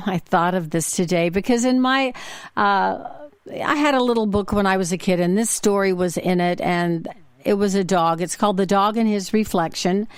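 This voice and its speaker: A woman's voice: mid-range voice, clean tone, no echo, clean studio sound. A woman hosting a podcast, telling stories in a chatty, casual monologue. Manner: chatty, with frequent fillers and restarts. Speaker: podcast host.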